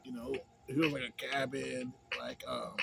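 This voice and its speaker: Slangy, profane man over loud music. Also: mid-range voice, sing-song, normal speed, gravelly. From a city. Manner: slangy, profane, loose, full of filler tags. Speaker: vlogger reviewing a movie. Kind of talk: casual rambling movie review. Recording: music playing loudly behind.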